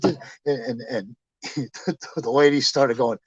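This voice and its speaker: A man being interviewed, casually telling profane, animated stories and acting out what people said. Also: medium pitch, measured pace, husky, dry recording, highs cut off. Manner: profane, animated anecdotes with acted quotes. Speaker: interview guest, pro wrestler. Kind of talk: casual storytelling.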